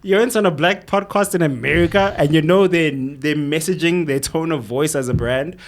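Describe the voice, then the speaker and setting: A man's voice: a little high, normal speed. A man co-hosting a podcast, talking in a laid-back way and quoting people in mock voices. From South Africa. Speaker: podcast co-host. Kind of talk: casual chat.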